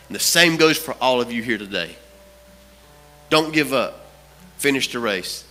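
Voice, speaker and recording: A man's voice: mid-range voice, expressive, measured pace, long pauses, pushed and bright, long reverb tail, soft background music. A man preaching a sermon as pastor, telling a story with repeated phrases for emphasis. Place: church sanctuary.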